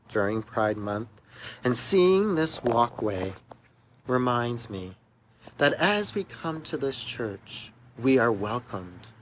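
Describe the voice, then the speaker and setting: A man's voice: medium pitch, fairly bright tone, slight background noise, poor audio. A man, a minister, telling a personal story in a church video message, recorded outdoors beside a church walkway. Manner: earnest storytelling, emphatic in places.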